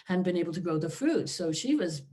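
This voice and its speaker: A woman's voice: lowish voice, expressive, a little fast, mellow. Woman lecturing casually over a video call. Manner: informal, frequent "you know" and "right?" asides. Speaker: philosophy professor giving a lecture. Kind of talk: conversational academic lecture.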